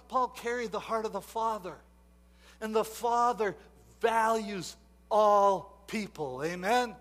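A man preaching a sermon, moving from quiet asides to loud emphatic exhortation and repeating himself often. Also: sits high. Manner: repeats words and restarts often.

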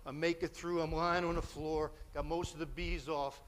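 Animated male preacher telling a story. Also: fairly high pitch, moderate pace, slight background noise. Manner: animated storyteller, acts out quotes, grows loud and excited. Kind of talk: storytelling sermon.

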